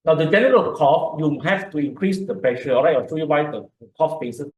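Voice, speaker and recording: A man with a Malaysian English accent gives an informal lecture on health, explaining patiently and repeating key words as he shows how to breathe. His voice sits a little high for a man. The sound carries a noticeable echo from the room he speaks in. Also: expressive, brisk, muffled recording. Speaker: doctor giving a lecture. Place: lecture hall.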